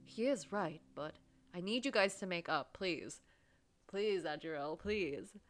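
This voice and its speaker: Excitable woman gushing over a game. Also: fairly low pitch, moderate pace. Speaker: game streamer. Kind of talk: let's play commentary.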